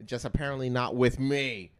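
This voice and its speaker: A man co-hosting a podcast in casual chat, telling a story with lots of swearing, dropping to a mumble and then getting loud and worked up. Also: mid-range voice, normal speed, clear, resonant tone, dry recording. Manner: heavy profanity, excitable. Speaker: podcast co-host.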